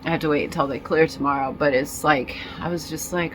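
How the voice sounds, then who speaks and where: A woman talking in a casual personal vlog, rambling and halting with many fillers and restarts, in nicotine withdrawal and feeling disoriented. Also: low-pitched, fairly even intonation, a bit bright, a little hiss or hum, rough recording. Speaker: vlogger.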